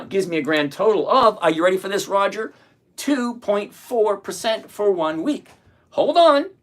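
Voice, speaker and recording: An older man hosting a live trading stream, walking viewers through his numbers in an animated, defiant, teasing way with a husky voice. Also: fairly high pitch. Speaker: trading livestream host. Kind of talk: live screen-share walkthrough.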